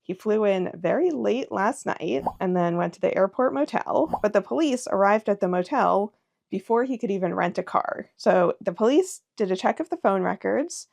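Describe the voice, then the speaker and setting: Gravelly woman reading a story aloud. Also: mid-range voice, lively intonation, normal speed, a little mellow. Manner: reads the story aloud, laughing often. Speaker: puzzle channel host. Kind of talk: casual chat reading a mystery story aloud.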